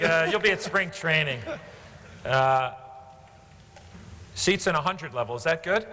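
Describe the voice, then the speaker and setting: A man's voice: fairly high pitch, expressive, slow, long pauses, bright, forceful tone. Rambling man giving away prizes in a hall. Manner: rambling, hesitant, joking. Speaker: banquet guest presenting a raffle prize. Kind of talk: casual banquet remarks. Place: large indoor banquet hall. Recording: echoey banquet hall with background noise.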